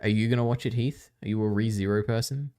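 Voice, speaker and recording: A man's voice: lowish voice, steady tone, fast talker, dark tone, clean tone. A man hosting a live stream, rambling and reacting casually as he chats.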